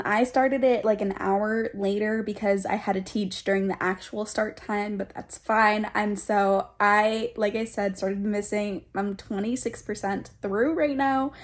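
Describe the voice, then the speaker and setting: A young woman in her twenties chats through a casual reading vlog. She talks fast and excitedly. Her voice sits a little higher than most. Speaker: book vlogger.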